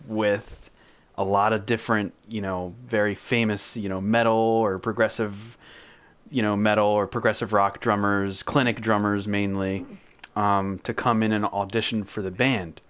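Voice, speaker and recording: Smooth-voiced man co-hosting a podcast. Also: on the low side, flat delivery, normal speed, fairly bright tone. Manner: laughs along, gives background explanations. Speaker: podcast co-host. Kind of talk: casual podcast chat.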